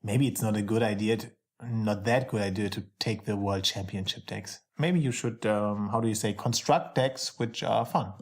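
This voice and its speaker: A man's voice: lowish voice, moderate pace, hardly any pauses. A man co-hosting a casual podcast about card games, laughing often and searching for words. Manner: laughs often, hesitant phrasing. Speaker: podcast co-host.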